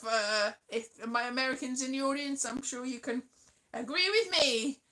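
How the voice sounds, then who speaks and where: A British woman in her forties tells chatty, rambling stories to viewers on her livestream, keeping things casual. Her voice is high-pitched with a sharp tone, and her pace is moderate.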